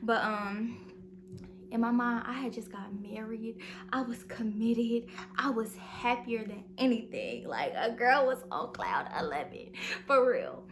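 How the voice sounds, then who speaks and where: A young woman vlogger telling a storytime in an animated, slangy way, acting out the dialogue, recorded in her bedroom at home. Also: a little high, unhurried, slight background noise. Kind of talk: storytime vlog.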